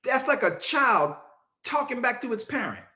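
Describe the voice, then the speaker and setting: Lively high-voiced preacher man. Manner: emphatic, call-and-response, slowing to stress scripture; casual Southern-leaning vernacular, mocking asides. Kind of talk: Bible-study sermon.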